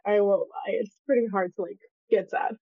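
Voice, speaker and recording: A woman's voice: medium pitch, fairly even intonation, a little fast, dry recording, narrow, tinny audio. A woman calling in to a podcast, speaking hesitantly with many fillers. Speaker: caller. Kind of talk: phone-in call.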